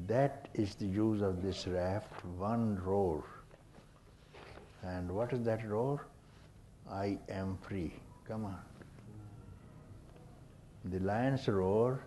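An older man giving a spiritual discourse to a gathering, unhurried and teasing, often chuckling and prompting his listeners with a questioning "hmm?". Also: lowish voice, mellow, a little hiss or hum, poor audio. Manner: chuckles often while talking. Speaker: spiritual teacher.

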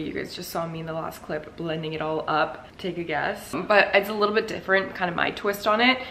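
A woman's voice: medium pitch, a bit bright. A young adult woman chatting casually to camera at home for her vlog, rambling and peppering her talk with "like". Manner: chatty and rambling, heavy use of "like". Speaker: lifestyle vlogger. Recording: roomy echo with faint noise.

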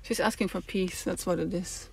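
A woman's voice: lowish voice, steady tone, normal speed, vocal fry, noisy background. A woman opera singer in a casual vlog, explaining things from her car in a chatty way with many fillers, slightly out of breath.

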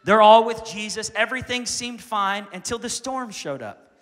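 A young man preaching a lively sermon as pastor, swinging from quiet asides to loud shouts. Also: sits high, normal speed, in a large hall. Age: young adult.

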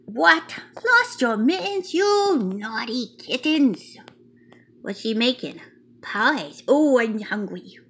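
Here a woman speaks slowly in a slightly high, sing-song tone that is fairly bright with a breathy edge, exaggerating her delivery. Voicing a cute, talkative little male mouse, she reads a picture book in a playful, childlike way, grammar broken. It comes across as a cheerful storybook reading.

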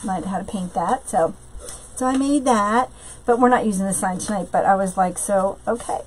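A woman's voice: medium pitch, a little hiss or hum, rough recording. A woman hosting a live craft tutorial from home, chatting with viewers and greeting them by name between steps, with lots of fillers. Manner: many fillers, slow drawn-out greetings. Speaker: craft live-stream host.

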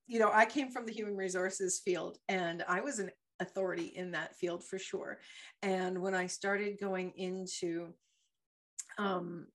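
A middle-aged woman hosting a motivational talk show, telling stories animatedly and laughing often. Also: medium pitch. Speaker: host.

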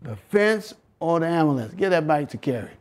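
A man's voice: a little high, very animated, a little fast. A man with a Southern American accent giving an interactive Bible health lesson, preaching and coaxing the audience with questions and chuckles. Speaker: health lecturer.

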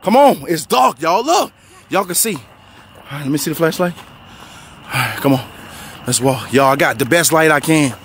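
A man hosting a family skit vlog, talking excitedly to a phone camera, often shouting. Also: fairly high pitch, moderate pace, pauses often, a little hiss or hum. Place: outdoors at night, then in a car.

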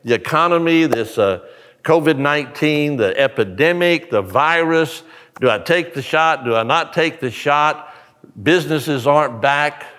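Male pastor, unhurried and lively in pitch, animated sermon storytelling, church hall with long reverb. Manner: animated storytelling, acts out characters. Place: church sanctuary.

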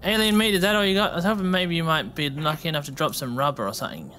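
A man giving let's play commentary, excitable and swearing freely, shouting at enemies. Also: on the high side, very fast, slight background noise. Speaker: gamer.

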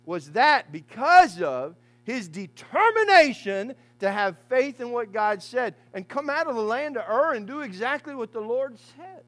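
A man preaching a fiery funeral sermon as pastor in a church, swinging from hushed asides to shouted lines. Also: very high voice, sing-song, normal speed, hardly any pauses.

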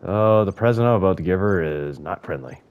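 Lowish-voiced guy cursing and joking his way through a dinosaur game. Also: animated, fairly quick, clear, resonant tone, narrow, tinny audio. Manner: profane, jokey, talks to the creatures on screen. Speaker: gaming YouTuber. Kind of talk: casual gameplay commentary.

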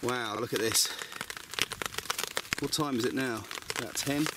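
Chatty man camping in loud rain. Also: mid-range voice, measured pace. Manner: chatty, self-mocking, upbeat. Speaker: vlogger. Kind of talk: casual chat to camera. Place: woodland campsite outdoors in rain at night. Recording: loud rain and crackling outdoors.

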